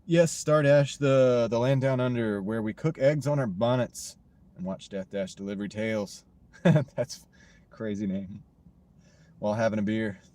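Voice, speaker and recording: A man's voice: lowish voice, measured pace, dark tone. Joking American man chatting on a livestream. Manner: joking, rambling, talks to chat. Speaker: livestreaming gig-delivery driver. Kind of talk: casual livestream chat reading comments. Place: parked car. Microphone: wireless mini clip-on mic.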